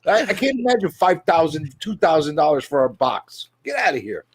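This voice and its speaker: A man's voice: fairly high pitch, very animated, moderate pace, breathy edge. A man co-hosting a casual podcast, blunt and profane. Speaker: podcast co-host. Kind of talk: casual chat.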